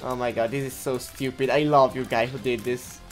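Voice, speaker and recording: A woman giving gameplay commentary, giggling often, breaking into loud laughter and swearing freely. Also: a bass voice, fairly even intonation, normal speed, faint music behind. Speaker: let's-play gamer.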